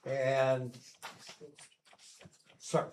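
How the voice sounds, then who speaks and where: A man chairs a council meeting, calling speakers up in a courteous, brisk way. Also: medium pitch, monotone, a little mellow, slight background noise, rough recording.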